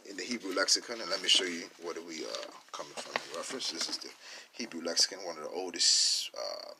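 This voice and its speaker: A man teaching from scripture, speaking, who punches key words loudly and asks and answers his own questions. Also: low voice, slight background noise. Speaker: Bible teacher.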